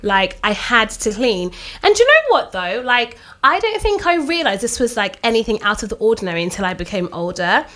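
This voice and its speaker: A lively young woman with a high voice that swings all over as she acts out stories. She co-hosts a relaxed podcast chat and keeps breaking into laughter. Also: a little fast, hardly any pauses. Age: 20s. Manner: animated storyteller, acts out her mum, laughs often. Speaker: podcast co-host. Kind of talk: casual chat.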